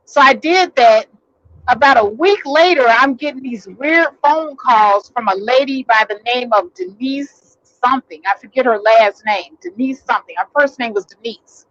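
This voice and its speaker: A woman's voice: fairly high pitch, moderate pace, no echo, muffled recording. A woman vlogger telling a personal story in a casual, rambling way, full of fillers and restarts, recorded in a vehicle.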